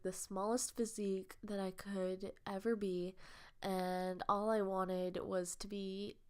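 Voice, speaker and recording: A woman's voice: medium pitch, clean tone. A young woman vlogger talking in a casual podcast monologue, earnest and rambling, with a heartfelt, confessional way of speaking.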